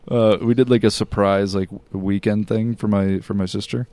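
A man's voice: lowish voice, fairly even intonation, moderate pace, hardly any pauses, dark tone, no room sound. A man co-hosting a podcast in casual chat, telling stories loosely with lots of filler words and laughter. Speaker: podcast co-host.

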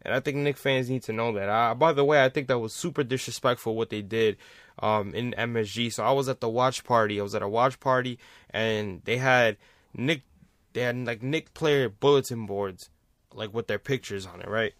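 A man's voice: mid-range voice, normal speed, fairly bright tone, dry recording, studio quality. A man hosting a sports vlog, ranting casually with heavy swearing and repeating his points for emphasis. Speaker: sports commentator, vlog host.

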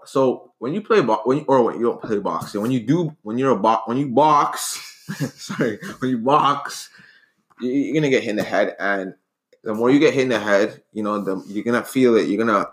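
A man's voice: on the low side, fairly bright tone. Earnest rambling man in a debate. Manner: earnest, rambling, many restarts. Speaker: debate co-host. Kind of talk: casual debate chat.

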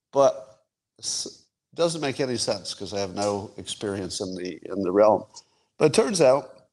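A man in his sixties hosting his own podcast, musing wryly in casual solo commentary with chuckles and sudden jumps in pitch for emphasis. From United States. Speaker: podcast host.

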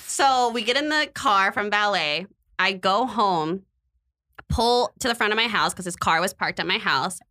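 A woman's voice: mid-range voice, normal speed. A young woman casually telling a dating story on a podcast, acting out the quotes and laughing as she goes. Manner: animated, acts out quotes, laughs often. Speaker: podcast co-host.

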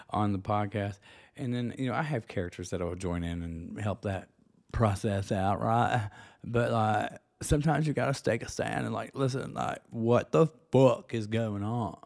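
A man hosting a solo podcast, ranting with lots of swearing and sudden high-pitched squeals. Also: normal speed, vocal fry, darkish tone. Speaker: podcast host.

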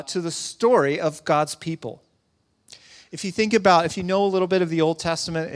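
Man preaching in a reverberant hall. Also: on the high side. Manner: conversational preaching with humor and asides to the congregation. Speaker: pastor. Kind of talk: sermon.

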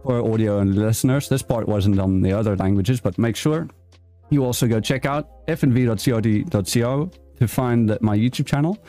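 A man's voice: mid-range voice, fairly quick, warm tone, soft background music. A man hosting a podcast, wrapping up a livestreamed episode with loose, rambling plugs and fillers. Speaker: podcast host. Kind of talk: casual livestream sign-off.

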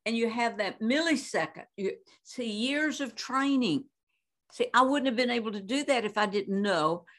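With a rather high, animated and slightly bright voice at normal speed, a woman in her eighties, a Christian minister on as a guest, tells spirited stories in conversation, laughing frequently and filling pauses often.

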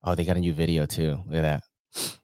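A man's voice: rumbling low, little pitch movement, fairly quick, a little mellow, no room sound, studio quality. A man hosting a podcast, reading sponsor ads in a casual, slangy, profane way. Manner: slangy, profane and laid-back, laughs often. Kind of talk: casual chat.

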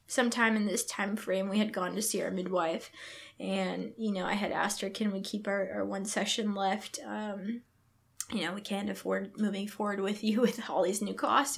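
A woman's voice: mid-range voice, gravelly, fairly bright tone. A young pregnant woman telling a heartfelt personal faith story as a podcast guest, acting out the words of others as she goes. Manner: earnest, reenacts her own thoughts and others' words. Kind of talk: emotional personal testimony.

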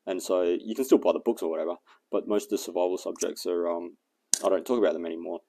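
A man with a very low, gravelly voice talks casually in a vlog, rambling through a story and his plans, stopping often for fillers. His tone is dark and mellow, and he thinks out loud as he goes. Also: steady tone, fast. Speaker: fitness and survival vlogger.

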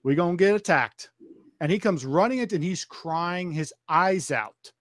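A man with a high-pitched voice recounts a story in casual podcast conversation, acting out each quoted line and circling back with restarts as he goes. His voice is recorded close and dry, with no room sound. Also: expressive, measured pace, fairly bright tone, no room sound. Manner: vivid retelling, acting out quoted dialogue; frequent restarts and repeated phrases.

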